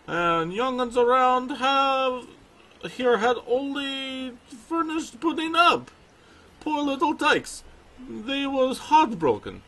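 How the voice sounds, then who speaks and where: A man's voice: very high-pitched, animated, takes it slowly, bright, forceful tone, voice pushed up, exaggerated voice. A man voicing a kindly, chatty male bear trainer with a put-on Russian accent and old-fashioned phrasing, reading game dialogue aloud. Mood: cheerful.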